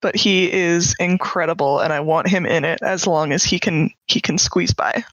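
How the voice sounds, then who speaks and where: A podcast co-host in casual chat, speaking in a steady, plain way. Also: mid-range voice, moderate pace, no echo. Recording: dull, dry sound.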